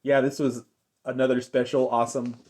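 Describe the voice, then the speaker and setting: A man's voice: mid-range voice, little pitch movement, brisk, darkish tone. Rambling young man reviewing a cartoon. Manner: rambling, filler-heavy, enthusiastic retelling. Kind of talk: unscripted review.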